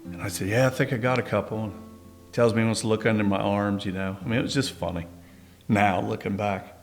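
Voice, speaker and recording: A man telling a story about his grandfather in a relaxed, conversational way, with small restarts. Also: on the low side, fairly quick, creaky, faint music behind. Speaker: grandson sharing a family memory. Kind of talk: interview storytelling.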